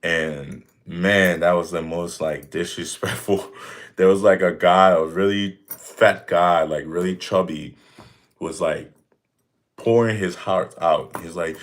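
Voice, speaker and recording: Speaking slowly in a low voice with fairly even intonation, a young livestream host fields questions from home in a relaxed Q and A. He's blunt and slangy, rambling along with plenty of "like" and "you know", and he's picked up by a desk mic.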